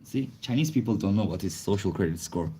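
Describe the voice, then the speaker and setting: A man's voice: low voice, expressive, fairly quick, warm tone, breathy edge. A young man with a slight cold, chatting casually on a livestream in non-native English with grammar slips, reacting to chat comments. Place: indoors, face not shown.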